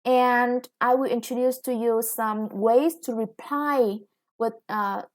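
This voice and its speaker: A woman English teacher with a Vietnamese accent, explaining grammar in a recorded lesson, slow and patient with many "yeah" and "okay". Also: on the high side, fairly even intonation.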